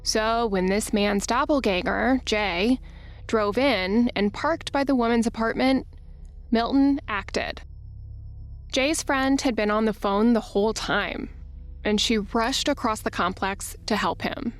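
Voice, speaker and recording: Woman narrating over soft music. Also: on the high side, takes it slowly. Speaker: podcast host and narrator. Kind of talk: scripted narration.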